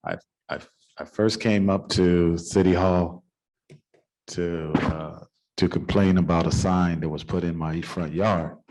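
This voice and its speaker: Deep-voiced folksy middle-aged man. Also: a little mellow. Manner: folksy, informal. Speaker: city council member. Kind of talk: anecdotal storytelling at a public meeting. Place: city council chamber.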